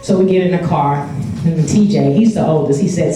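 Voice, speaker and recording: An older woman from California tells a family story to a live audience, chatty and laughing as she acts out the quotes. Her voice is low and mellow. She is heard from a distance in an echoing hall with a faint hiss. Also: lively intonation, moderate pace, few pauses. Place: indoor event hall with audience. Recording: echoey hall, far from mic.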